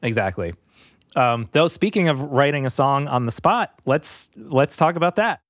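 A man's voice: mid-range voice, animated, normal speed, dry recording, studio quality. A man co-hosting a podcast in casual chat, talking loosely with fillers and restarts. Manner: conversational, frequent fillers and restarts. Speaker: podcast co-host.

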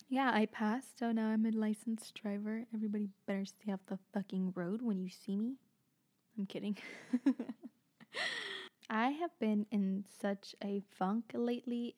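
A young woman talks to her podcast listeners from a room at home late at night, in a loose, rambling monologue. Her pitch sits in a middle range for a woman. She speaks frankly, swears freely and fills her sentences with "like.". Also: darkish tone. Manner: frank, swears often, heavy use of "like". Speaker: podcast host.

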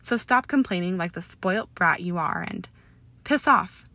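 A woman voicing a defiant, haughty young witch with a crisp, indignant delivery in an audiobook reading. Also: fairly low pitch, normal speed, a bit bright, no echo. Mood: defiant, heated.

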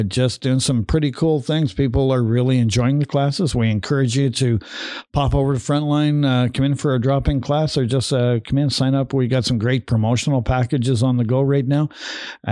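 A man's voice: mid-range voice, mellow, no room sound, studio quality. Chatty, swearing male host. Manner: swears freely, laughs often. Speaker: podcast host. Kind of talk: casual chat.

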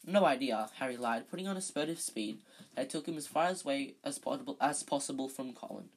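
With a medium-pitched, husky voice, an amateur reader briskly reads a children's novel aloud over poor audio. It's an unpolished performance full of slips and self-corrections.

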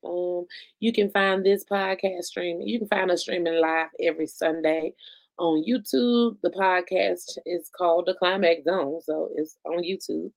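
Woman cohosting a podcast, low gravelly voice, laughs a lot, cusses, dry close sound. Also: fairly even intonation, a little slow, no room sound. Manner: loose and blunt, laughs often, swears freely. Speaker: podcast co-host. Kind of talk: casual chat.

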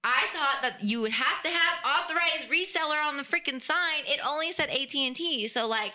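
A young woman rants through a story on a casual podcast. Her voice sits fairly high and rings bright. She swears freely and plays both sides of the quarrel as she tells it. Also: moderate pace. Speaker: podcast co-host.

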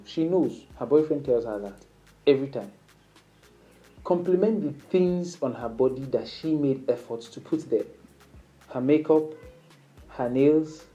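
Guy with a really dark mellow voice coaching you on flirting, laid back and instructive. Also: low-quality recording. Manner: instructive, acts out sample lines in a higher playful voice. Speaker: dating advice speaker. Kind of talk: casual advice monologue.

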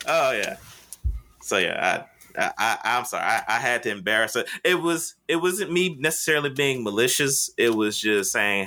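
Animated bright-voiced man telling stories. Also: medium pitch, moderate pace. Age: 30s. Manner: animated, swearing, acts out voices in his stories. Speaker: podcast co-host. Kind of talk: casual storytelling chat.

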